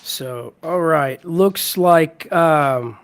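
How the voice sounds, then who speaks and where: A man hosting a casual live stream from home, hoarse from a cold and keeping his voice low, rambling as he greets viewers by name. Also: extremely slow. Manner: keeps voice low to spare it. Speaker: livestream host. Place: at home with hardwood floors.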